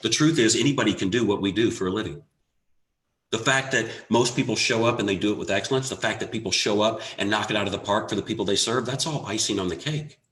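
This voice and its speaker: A man giving a motivational talk, telling a personal story earnestly with dramatic pauses and rising emphasis. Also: fairly low pitch, a bit bright. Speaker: motivational speaker. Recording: echoey room.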